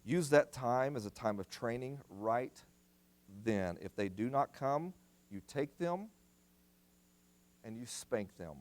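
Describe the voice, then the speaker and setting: Emphatic preaching man, lively pitch. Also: slow, long pauses. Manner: emphatic preaching, repeats commands for stress. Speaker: guest speaker at family seminar. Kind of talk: sermon. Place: church.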